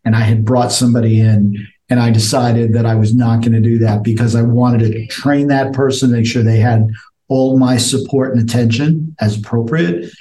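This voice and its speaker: A man's voice: medium pitch, steady tone, moderate pace, dark tone. An older man, co-hosting a coaching chat, reflective and restarting his sentences. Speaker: co-host. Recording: echoey room.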